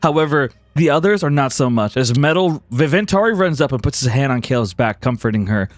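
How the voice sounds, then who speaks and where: A man's voice: mid-range voice, animated, brisk, no room sound. A man running a tabletop game, narrating scenes casually with many fillers. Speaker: game master.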